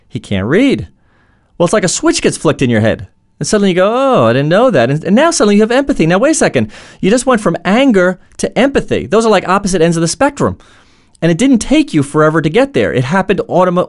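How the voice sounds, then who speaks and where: Speaking in a voice that sits high, a coach delivers an earnest instructional talk. He leans on stories and imagined conversations, frequently restarting and using fillers.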